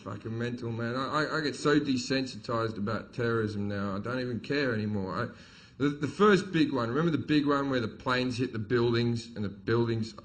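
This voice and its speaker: A man's voice: mid-range voice, fairly quick, low-quality recording. A middle-aged man performing stand-up, telling stories in a blunt, profane, swaggering way. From Australia. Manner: profane, blunt, swaggering delivery with acted quotes. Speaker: stand-up comedian. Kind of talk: stand-up comedy storytelling. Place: live comedy venue with audience.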